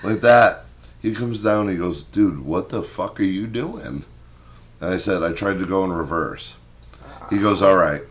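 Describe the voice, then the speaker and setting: A young man co-hosting a podcast, telling a story in casual, profane chat and loudly acting out what he said back then. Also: low voice, moderate pace. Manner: animated, swearing, acts out his own past lines loudly. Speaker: podcast co-host.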